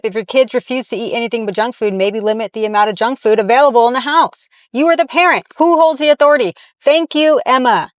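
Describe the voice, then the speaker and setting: A woman's voice: mid-range voice, no room sound, clean studio sound. A woman giving blunt, heated reaction commentary on fitness and diet, talking from inside a car.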